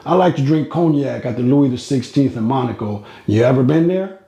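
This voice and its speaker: A man's voice: medium pitch, lively intonation, fairly quick, warm tone. A man voicing a cranky, arrogant old Italian mobster who curses and needles, in a roomy echo. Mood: boastful. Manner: gruff, cursing, needling.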